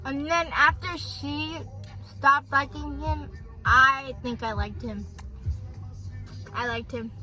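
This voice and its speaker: Teen sister butting in, slow high voice, teasing. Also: female voice, fairly even intonation, bright, forceful tone, soft background music, rough recording. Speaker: sister of the vlogger.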